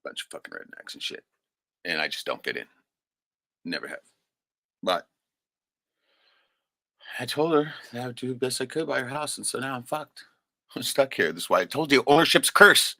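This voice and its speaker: A man's voice: medium pitch, sing-song, normal speed, vocal fry, long pauses, bright, forceful tone, no room sound. A man hosting a livestream, speaking an emotional, unscripted monologue in a raw, profane way, often tagging sentences with "right?". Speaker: livestream host.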